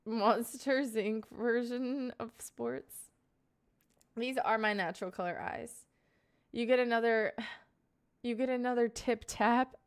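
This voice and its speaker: A woman's voice: on the high side, fairly even intonation, slow, smooth. A young woman live-streaming, chatting casually and playfully with her viewers and answering their questions. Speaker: livestreamer.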